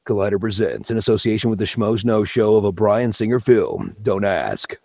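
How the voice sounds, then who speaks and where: A man putting on a grand, solemn movie-trailer announcer voice, slow, drawn-out and dramatic, from a dry-sounding room. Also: lowish voice, lively intonation, creaky, darkish tone, no echo. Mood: grandiose.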